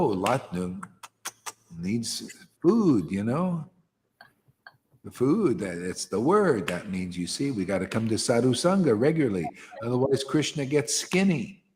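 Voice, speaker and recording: A man leading a devotional gathering, preaching informally with emphatic rhetorical questions that rise to near shouts. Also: mid-range voice, in a large hall, a little hiss or hum. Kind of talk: informal preaching to a small group.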